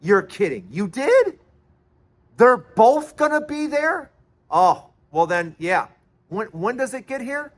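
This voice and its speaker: An eager young woman chatters on a phone call, breathless and quick to react, as a man quotes her. The voice stays high and close to the teller's own. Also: very animated, exaggerated voice. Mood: excited.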